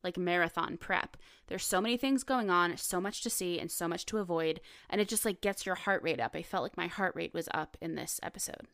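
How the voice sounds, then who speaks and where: Chatty, enthusiastic woman co-host with a fairly low voice; casual podcast talk. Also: vocal fry, a bit bright, no echo, studio quality. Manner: chatty, enthusiastic, quick asides. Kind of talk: casual chat.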